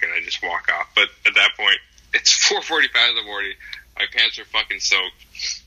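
A young man chats on a podcast in a low-pitched, very bright voice. He rambles through his story with lots of ums and swears freely. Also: a little fast, low-quality recording. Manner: swears often, rambling with fillers. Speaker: podcast co-host. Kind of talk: casual chat, profane storytelling.

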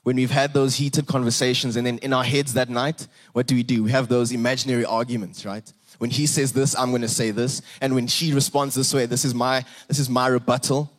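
A young South African man delivers a sermon in easy, conversational English. His delivery is casual, full of small restarts and rhetorical "right?" asides to the congregation, with a pitch sitting right in the ordinary middle for a man. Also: flat delivery, brisk, few pauses. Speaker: preacher.

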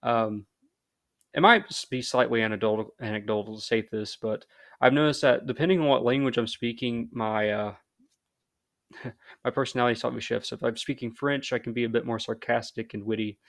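Casting: American guy, mid-pitched, chatty solo podcast host, loose filler-heavy delivery, dry booth sound. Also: steady tone, fairly quick, a bit bright, no room sound. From United States. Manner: rambling, filler-heavy, self-deprecating. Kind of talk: casual podcast monologue.

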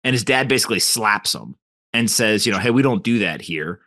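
A man's voice: on the low side, lively intonation, fairly quick, sharp tone, no room sound, clean studio sound. A man hosting an interview podcast, asking questions casually and retelling anecdotes with fillers. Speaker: podcast host. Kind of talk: interview host.

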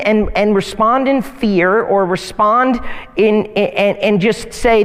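A man preaching a sermon as a pastor in a church, animated, with mocking whiny voices when he quotes complainers. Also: high-pitched, unhurried, in a large hall. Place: church sanctuary.

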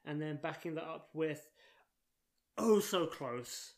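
A man's voice: a little high, expressive, slow pace. A man co-hosting a podcast, telling stories in a dry, joking way in casual chat. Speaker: podcast co-host.

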